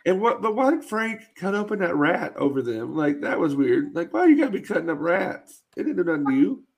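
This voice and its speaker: Gravelly-voiced man in casual chat. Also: high voice, very animated, a little fast. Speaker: podcast co-host. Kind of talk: casual movie review chat.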